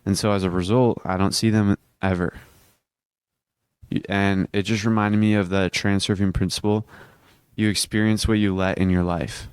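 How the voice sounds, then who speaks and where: In his casual self-improvement vlog, a hiccuping teenage boy talks at a moderate pace, earnest and rambling as he restarts his sentences. His deep voice stays level, smooth and clear. The mic is close and the sound dry, with no room sound.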